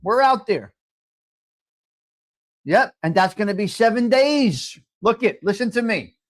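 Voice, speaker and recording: A man's voice: high-pitched, lively intonation, a little slow. A middle-aged man, hosting a live coffee chat stream and talking bluntly to viewers, joking and swearing freely.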